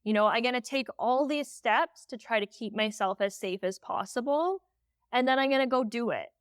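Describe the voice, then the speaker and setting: A woman guest on a podcast telling a story candidly, animated and full of "like" fillers. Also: on the high side, moderate pace, clean tone, no echo, studio quality. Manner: emotional when recalling.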